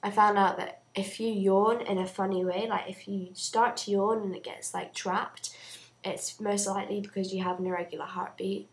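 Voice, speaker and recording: A young woman chatting casually to camera in a video diary, rambling and filling pauses with "um". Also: medium pitch, level tone. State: out of breath. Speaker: vlogger.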